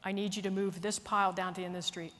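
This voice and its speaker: A woman quoting a calm, firm, matter-of-fact nun, heard in a hall with long reverb. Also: medium pitch, very fast, close to an everyday voice.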